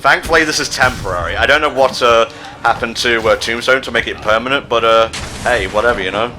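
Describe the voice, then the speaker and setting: A man playing a video game while making sarcastic, deadpan jokes, swearing freely. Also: mid-range voice, fairly quick, a little hiss or hum. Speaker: player in a gameplay video. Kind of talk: casual gaming commentary.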